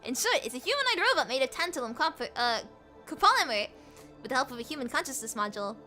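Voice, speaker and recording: Terse, weary male android soldier, read by a woman streamer, low-key and clipped. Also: very animated, fast, pushed and bright, faint music behind, full character voice.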